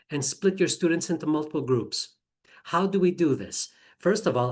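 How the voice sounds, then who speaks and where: A woman teacher trainer giving an online presentation while screen sharing, chatty and enthusiastic with quick apologetic asides, on a computer mic. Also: low voice, slightly rough.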